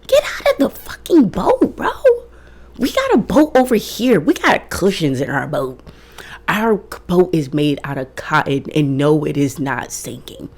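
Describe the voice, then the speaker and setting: A young woman in her twenties with a notably low, deep voice speaks straight to her viewers. She talks in a candid, emphatic way, swearing freely as she gives casual self-help advice. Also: a little mellow. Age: 20s. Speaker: vlogger.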